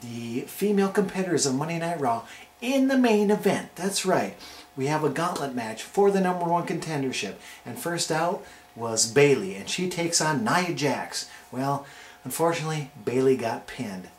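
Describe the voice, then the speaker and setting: A man hosting a casual video review, talking in a hyped, playful countdown style. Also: medium pitch. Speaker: wrestling show reviewer and host. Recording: roomy echo with faint noise.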